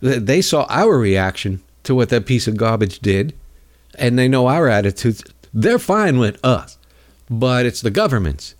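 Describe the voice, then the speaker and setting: A man's voice: medium pitch, sing-song, a little slow. Sarcastic rambling male talk host. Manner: sarcastic, rambling, mocking voices of opponents. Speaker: political talk show host. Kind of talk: casual political monologue.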